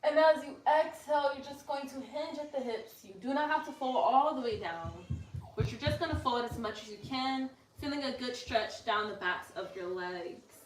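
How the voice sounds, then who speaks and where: A woman's voice: high-pitched, moderate pace. Woman guiding yoga in an echoey room. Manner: relaxed, joking asides to viewers. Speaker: yoga instructor. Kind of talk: casual guided yoga class. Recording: echoey room, mic far off, faint noise.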